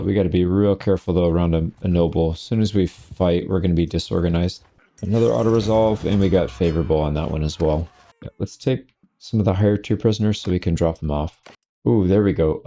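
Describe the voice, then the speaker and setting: A man giving casual, wry running commentary while he plays a strategy game. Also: low-pitched. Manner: relaxed, wry running commentary on his own play. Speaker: gameplay commentator. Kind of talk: casual let's-play commentary.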